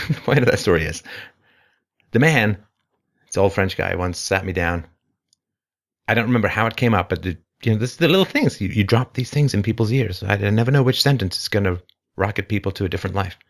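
A man hosts a call-in advice show, speaking fast and emphatically, using rhetorical questions and lively swings in pitch.

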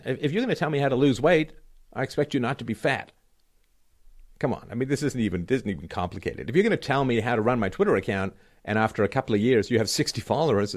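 A middle-aged man hosting his own show, delivering a sarcastic, emphatic solo commentary that swings between loud and quiet. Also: medium pitch. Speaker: show host. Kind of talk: solo political commentary rant.

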